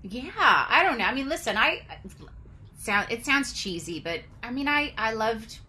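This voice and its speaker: Slow, giggly, bright-voiced woman. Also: on the high side, very animated, a little hiss or hum. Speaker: actor. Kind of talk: casual chat.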